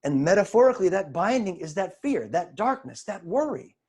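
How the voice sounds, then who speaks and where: Husky guy preaching over a video call, voice swoops up and down a lot, acts out the bible quotes. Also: high voice, a little fast. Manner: expressive storytelling, quotes scripture with dramatic emphasis. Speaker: spiritual teacher.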